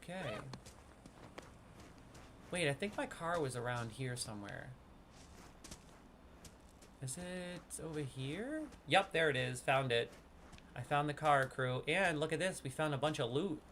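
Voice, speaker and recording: A man's voice: on the high side, lively intonation, moderate pace, pauses often, fairly bright tone, a little hiss or hum. A man with a New York accent hosting a gaming video, chatting casually and reading game text aloud. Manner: chatty, reads game lore aloud and muses on it. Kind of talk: casual gameplay commentary.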